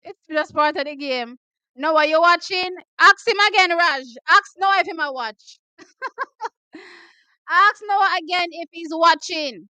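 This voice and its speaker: A Jamaican woman hosts a live watch party, reacting to sprint races as they unfold. Her voice sits very high and sounds bright and sharp. She breaks into cheers and repeated excited shouts, recorded close and dry. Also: takes it slowly, no room sound.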